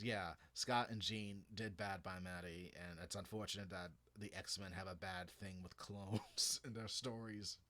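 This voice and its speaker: Low-voiced man rambling about comics. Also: a bit bright. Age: 30s. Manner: rambling, frequent restarts and swearing. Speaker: comics vlogger. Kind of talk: casual opinion monologue.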